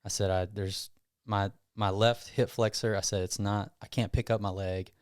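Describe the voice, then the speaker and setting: Smooth low-voiced man telling a story. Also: normal speed, no room sound, studio quality. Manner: rambling, animated retelling with self-quotes. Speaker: gym owner guest. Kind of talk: casual podcast storytelling.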